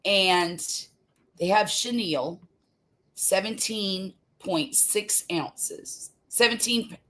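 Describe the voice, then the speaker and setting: A woman's voice: mid-range voice, very slow, a bit bright. A woman, hosting a homey, chatty live stream from home, laughing easily and trailing off into fillers. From US Gulf Coast. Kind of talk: casual live-stream chat. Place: home room.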